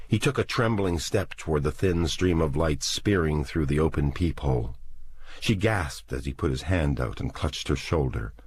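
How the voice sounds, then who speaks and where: A man narrating a novel as an audiobook in a slow, deliberate, dramatic reading. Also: very deep voice, animated, slight background noise. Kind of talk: scripted narration.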